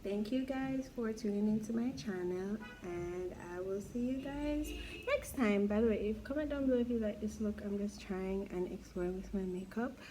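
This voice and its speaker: A young woman vlogger with a warm, mellow voice chats casually through a gossipy storytime while doing her makeup. She talks in an incredulous, exclaiming way, and her pitch sits at an ordinary middle level for a woman. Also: normal speed, a little hiss or hum, poor audio.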